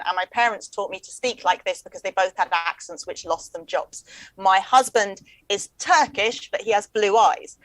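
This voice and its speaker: A woman, chatting as a comedian guest in a quick, wry, joking way. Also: medium pitch, fairly bright tone, no room sound, poor audio. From England. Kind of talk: casual chat.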